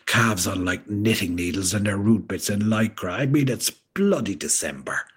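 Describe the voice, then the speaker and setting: A man reading a story aloud, voicing a fey, thin, theatrical son with a raspy voice. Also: lowish voice, animated, normal speed, voice pushed up. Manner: flamboyant, grandly theatrical.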